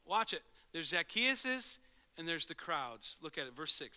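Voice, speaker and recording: Male preacher, high voice, very bright sharp tone, lively sermon. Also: a little slow. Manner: animated, swings from loud to hushed, acts out quotes. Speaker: pastor.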